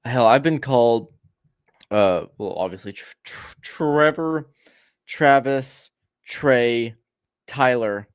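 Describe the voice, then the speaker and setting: A man's voice: medium pitch, takes it slowly, long pauses, clear, resonant tone, no echo. Young man, podcast host, stammering rambler, casual chat, dry close sound. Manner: rambling storyteller, stammers and repeats words.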